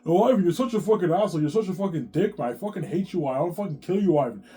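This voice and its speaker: A man voicing his angry wife in a raised, shrill tone, shouting curses at him. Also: lively intonation, rapid-fire. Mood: furious. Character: furious shrieking adult wife, jealous and cursing.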